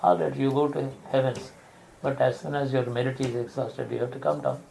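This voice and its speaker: A man giving a spiritual discourse, explaining slowly and restarting phrases to rephrase his examples. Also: medium pitch, little pitch movement, creaky, warm tone, low-quality recording. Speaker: spiritual teacher.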